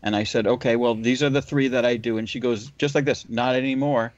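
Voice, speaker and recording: A man's voice: mid-range voice, fairly even intonation, fast talker, dry recording. A man hosting a casual podcast chat, telling a long work story and acting out the dialogue. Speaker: window cleaner, podcast host. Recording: dull lo-fi audio.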